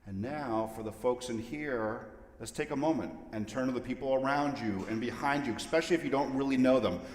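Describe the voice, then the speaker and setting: A man's voice: medium pitch, brisk, darkish tone. Man leading a service: joking, chatty welcome, recorded in a reverberant hall. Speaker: service leader. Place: large sanctuary. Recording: echoey hall with long reverb.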